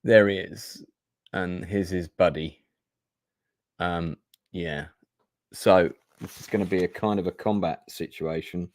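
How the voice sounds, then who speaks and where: Low-voiced man casually playing a gamebook. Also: steady tone, takes it slowly, long pauses, no room sound. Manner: hesitant, chatty, swears casually. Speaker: gamebook player and streamer. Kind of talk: casual play-through narration.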